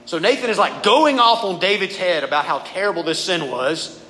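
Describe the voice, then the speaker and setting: In a reverberant hall with faint background noise, a high-voiced man preaches at a moderate pace. His conversational sermon mixes scripture reading with informal talk to a youth group, and he's casual and animated, often calling listeners "guys."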